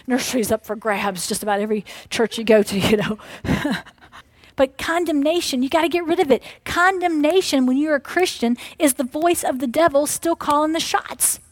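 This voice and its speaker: A middle-aged woman preaching a sermon, animated, dropping to hushed whispers and rising to loud exclamations as she voices the devil and God. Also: on the high side, no echo.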